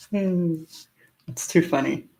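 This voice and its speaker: A woman's voice: fairly low pitch, a little mellow. A chatty woman from Southern California hosting a casual live stream, answering viewer comments with frequent fillers and laughter. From Orange County, California.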